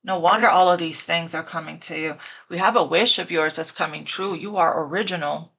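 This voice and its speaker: A woman's voice: lowish voice, fairly quick, vocal fry, fairly bright tone. A woman giving a casual tarot reading, emotional and teary, gushing and repeating her phrases. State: teary, choked up. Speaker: tarot reader.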